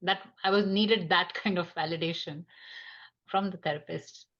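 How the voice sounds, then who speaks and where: A woman with a low voice talks as a podcast guest. She speaks in a reflective, candid way and pauses often. The recording sounds dull and lo-fi. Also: steady tone, a bit bright. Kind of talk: candid personal conversation.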